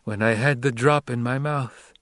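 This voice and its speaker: A man's voice: medium pitch, moderate pace, a bit bright, dry recording, clean studio sound, lightly acted. A man reading the lines of a weakened young nobleman who speaks weakly but steadily. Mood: intense. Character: young nobleman, weak, visionary, calm.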